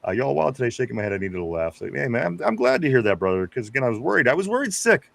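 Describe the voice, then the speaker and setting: A man's voice: mid-range voice, sing-song, racing, creaky, no room sound. Laid-back man reading chat aloud. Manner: laid-back, chuckling, reads comments aloud. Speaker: podcast co-host reading chat. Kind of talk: casual live-stream chat.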